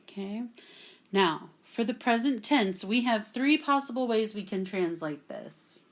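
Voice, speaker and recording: A woman's voice: medium pitch, measured pace. A woman from Texas, teaching a classroom grammar lesson at a whiteboard and patiently checking in with "okay?" after nearly every point. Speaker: Latin teacher.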